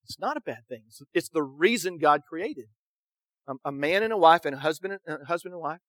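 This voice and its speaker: A middle-aged man preaching a sermon, telling stories with quick acted quotes and a frequent "right?". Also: fairly high pitch, expressive, fairly bright tone, no echo, studio quality. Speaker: pastor.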